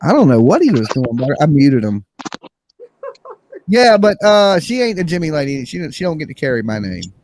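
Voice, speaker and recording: A man's voice: a little high, normal speed. Slangy man chatting on a livestream. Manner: animated storyteller, mimics voices, slangy. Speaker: livestream host. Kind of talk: casual livestream chat. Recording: faint background noise.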